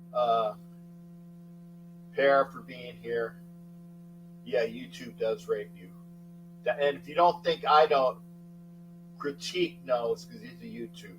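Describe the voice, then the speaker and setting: A middle-aged man hosting a casual sports talk livestream, rambling, thanking chatters by name and breaking into sudden loud outbursts. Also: medium pitch, a little slow, pauses often, a little hiss or hum, rough recording. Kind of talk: casual live chat with viewers.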